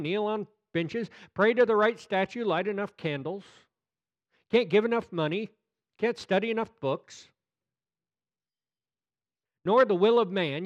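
A man preaching a sermon, reading scripture slowly and deliberately, with playful asides. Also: high-pitched, no room sound, muffled recording.

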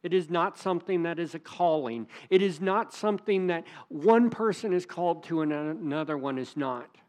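A man's voice: fairly high pitch, normal speed, a little mellow. A man preaching a sermon as pastor, earnest and emphatic, leaning hard on key words.

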